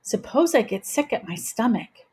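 A woman's voice: a little high, sing-song, moderate pace, darkish tone, husky, heavily acted. Lady reading as a little worried mouse boy, polite, earnest, storybook voice. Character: small anxious boy mouse, polite and modest. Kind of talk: storybook read-aloud.

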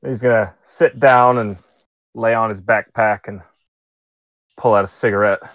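A man's voice: on the low side, fairly even intonation, normal speed, dry recording. A man casually narrating his character's actions as a player in a tabletop game, laid-back, on a slightly muffled mic.

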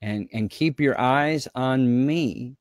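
A man's voice: medium pitch, takes it slowly, dry recording, clean studio sound. A man preaching as a guest pastor, fervent and repetitive, often speaking in the voice of God to his viewers.

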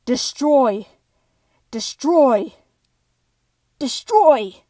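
Woman as a sinister alien mushroom princess villain: slow, hissed, drawn-out threats, dry close take. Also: lowish voice, steady tone, mellow, husky, no echo, voice pushed down, full character voice. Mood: commanding shout. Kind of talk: fan dub voice acting.

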